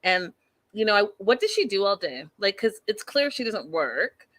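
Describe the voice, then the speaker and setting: A woman's voice: medium pitch, sing-song, normal speed, fairly bright tone. A woman hosting an online recap of a reality show, talking casually and chattily with the viewers and laughing at herself.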